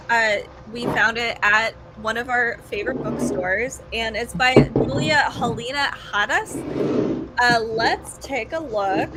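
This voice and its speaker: A woman's voice: fairly high pitch, noisy background. A woman on a casual live video chat, upbeat and enthusiastic as she walks through a book. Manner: upbeat, enthusiastic, listing things with small fillers.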